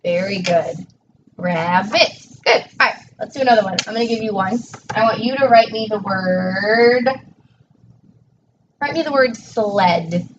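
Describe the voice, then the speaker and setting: A woman's voice: medium pitch, moderate pace. A woman teacher tutoring a child one-on-one in a patient, encouraging way, praising each answer. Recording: distant dull mic with faint noise.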